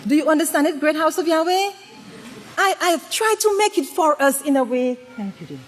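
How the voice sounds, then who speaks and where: A woman giving a dramatic, humorous sermon-style talk to a congregation, swinging between loud exclamations and hushed tones and often asking the audience questions. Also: high voice, expressive, normal speed. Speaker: speaker at a women's presentation to a congregation. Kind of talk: preaching with humorous storytelling. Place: congregation gathering.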